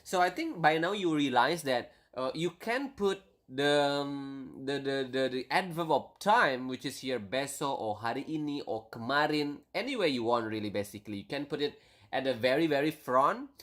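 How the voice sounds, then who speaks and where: A man teaching an online language lesson, explaining step by step and slowing down to stretch key words, with many fillers and restarts. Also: medium pitch, expressive, fairly bright tone.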